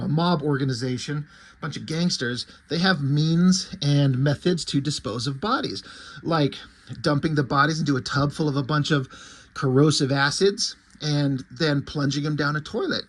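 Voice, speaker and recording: A man's voice: on the high side, normal speed. A man reviewing a comic book in casual chat, rambling, joking and swearing.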